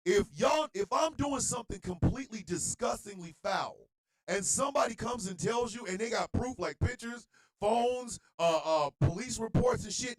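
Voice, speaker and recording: On his internet radio show, a man rants in a blunt, profane monologue that veers from mumbling under his breath to outright yelling. The sound quality is bad.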